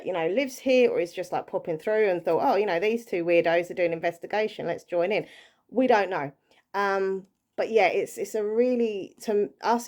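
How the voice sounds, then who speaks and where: A woman talks casually to her vlog viewers in a voice of middling pitch. She rambles in an earnest, excitable way and fills her sentences with ums, likes and restarts. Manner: chatty and rambling, with many fillers and restarts. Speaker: paranormal vlogger.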